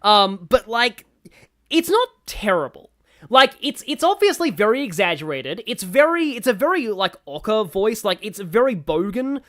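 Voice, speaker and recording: An Australian woman talks through a game stream in a loose, rambling way, full of fillers. Her pitch moves around a lot as she chats. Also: big pitch swings, moderate pace. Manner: chatty, rambling, many fillers. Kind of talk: casual live-stream commentary.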